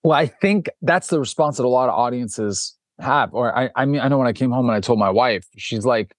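Brisk and mid-range, a documentary director's voice comes through a dry, studio-quality recording. He tells a story as an interview guest with lots of animation, performing the lines of the people in it and restarting often.

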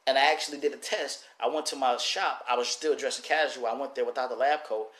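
A man at a mid pitch gives a casual motivational talk about growing an oil business. He speaks in an animated way and keeps repeating and restarting his phrases. The room around him is noticeably echoey. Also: quick pace. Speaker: oil seller teaching a lesson. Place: works in Detroit.

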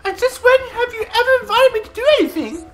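A man voicing a sweet young woman teasing her childhood friend in a giggly falsetto. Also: lively intonation, fast talker, fairly bright tone, faint music behind.

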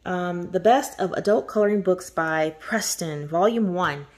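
Gushing woman with a lowish voice. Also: unhurried, darkish tone. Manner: gushing, effusive, laughs often. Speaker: host of a coloring channel. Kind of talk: casual chat showing birthday gifts.

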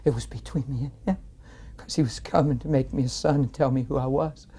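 A man telling his personal faith testimony in an interview, earnest and animated, rising with strong feeling as he tells it. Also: medium pitch, brisk, slightly rough.

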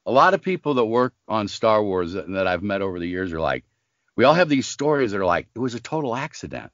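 Low-voiced older man, smoker. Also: fast, dry recording, dull audio. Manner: animated storyteller acting out quoted voices. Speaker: voice actor guest. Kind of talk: casual storytelling interview.

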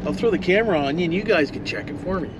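A man's voice: sits high, animated, very fast. Folksy man driving his truck. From Ontario, Canada. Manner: folksy, rambling, talks to passing animals. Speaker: vlogger. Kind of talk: casual driving commentary. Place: inside a moving old pickup truck. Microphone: camera mounted in the truck cab. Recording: loud engine and road noise in a truck cab. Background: engine and road noise.

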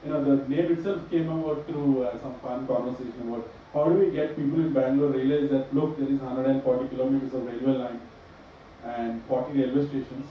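A man's voice: medium pitch, a little fast, a little hiss or hum. A middle-aged man speaks on a panel, telling stories with a sarcastic, joking edge. He is heard from a distance in a strongly echoing hall, and the sound is dull and muffled. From India. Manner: joking, sarcastic, animated storytelling. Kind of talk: panel discussion. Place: large echoey event hall. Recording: echoey hall recording from far off, dull.

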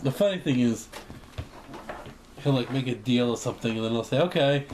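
A man's voice: mid-range voice, fairly even intonation, brisk. A young man rambling casually to camera, joking and acting out imagined conversations. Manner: rambling, jokey, acts out imagined exchanges. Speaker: vlogger. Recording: faint background noise.

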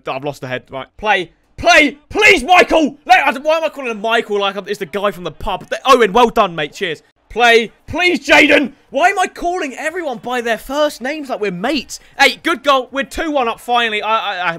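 Young male gaming host, high and sharp-toned, lively gameplay commentary. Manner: excitable, shouts at players, swears, self-mocking. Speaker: gaming YouTuber.

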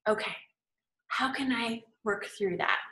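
A woman's voice: on the high side, unhurried, bright, forceful tone. A woman manifesting coach teaching in a casual, chatty way, tagging her points with "right?" and "okay?". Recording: echoey room.

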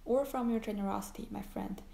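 A woman's voice: on the high side, a little fast, vocal fry, dark tone, echoey room. A woman voicing an earnest, anxious young soldier, reading his lines in a pleading way.

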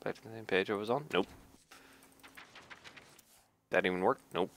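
A man's voice: lowish voice, moderate pace, a bit bright, a little hiss or hum. A man casually reading game card text aloud, cracking jokes, laughing at them, and adding dry asides. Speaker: gaming YouTuber reading card flavor text.

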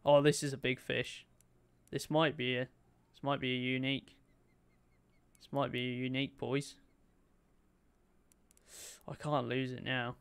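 A young man streaming a game, commentating excitedly and chatting to his viewers. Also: medium pitch, a little slow, pauses often, clear, resonant tone. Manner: excitable, chatty, talks to his chat, swears lightly. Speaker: gaming streamer.

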